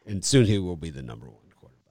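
A man with a fairly low voice hosts a loose sports betting chat. He rambles and repeats himself with easy enthusiasm. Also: sing-song, rapid-fire, darkish tone, no room sound, studio quality. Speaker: sports betting show host. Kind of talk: casual sports chat and storytelling.

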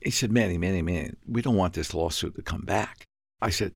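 An older man from Puerto Rico spins a long story in an interview. His voice sits low, gravelly and a little husky. He acts out every exchange, and his pitch jumps high when he gets worked up. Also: brisk, dry recording, studio quality. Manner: animated, acts out dialogue with sudden high-pitched outbursts. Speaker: guest.

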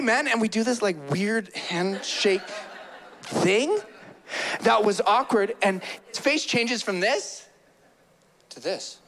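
A man in his thirties preaching a sermon, telling stories with animation and acting out the people in them. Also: very high voice. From Canada. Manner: animated storytelling, acts out quoted people. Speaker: pastor.

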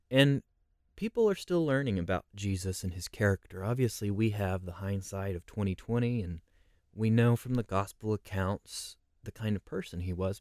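Low-ish guy leading a bible study, reflective, lots of rhetorical questions, dry sound. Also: a little mellow, dry recording. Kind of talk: conversational Bible study teaching.

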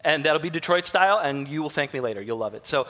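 A man's voice: on the high side, animated, fast, pushed and bright. A man in his thirties from Michigan, with a Michigan accent, preaching a sermon in a folksy, self-mocking way, full of fillers and restarts. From Michigan, USA. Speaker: pastor. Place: church sanctuary. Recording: long hall reverb.

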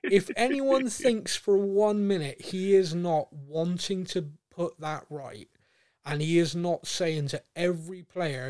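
Casting note: man, podcast co-host, lively, slightly higher voice, dry booth sound. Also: slow, no room sound. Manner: animated, laughing, mimics a manager's rants. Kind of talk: casual football podcast chat.

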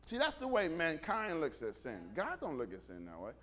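A middle-aged man preaching a sermon, animated, swinging from quiet asides to shouts and acting out dialogue. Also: a little high, moderate pace. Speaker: pastor.

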